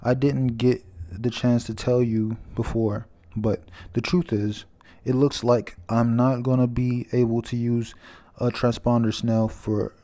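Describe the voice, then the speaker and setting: A soft, earnest male friend on a call, read by a man in a near-natural voice. He speaks slowly and sincerely. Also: mid-range voice, little pitch movement, close to an everyday voice.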